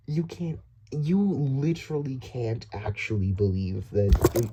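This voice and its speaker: A man's voice: medium pitch, dark tone, slight background noise. A young man from the Dominican Republic ranting casually about politics, rambling with many restarts, swearing and nervous laughs. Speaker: vlogger.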